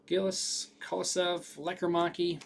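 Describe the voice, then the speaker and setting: A man's voice: high voice, completely flat delivery, a little slow, creaky, slight background noise. A man hosting a live card break, rattling off names with casual running commentary.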